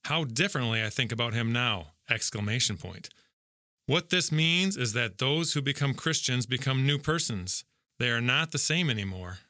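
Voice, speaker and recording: Bright earnest man reading scripture. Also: mid-range voice, dry recording, studio quality. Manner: conversational, earnest, lightly joking. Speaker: devotional speaker. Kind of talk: Bible reading and devotional reflection.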